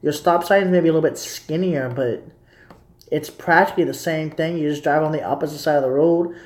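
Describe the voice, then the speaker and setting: A man's voice: fairly high pitch, a little fast, echoey room. A young man casually rambling to his viewers as a streamer. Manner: rambling, repetitive, talking to viewers. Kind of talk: casual live commentary.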